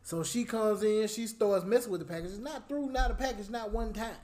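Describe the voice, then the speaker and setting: A man co-hosting a casual podcast, telling a work story in an animated, heated way with frequent laughter. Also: high-pitched, brisk. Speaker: podcast co-host.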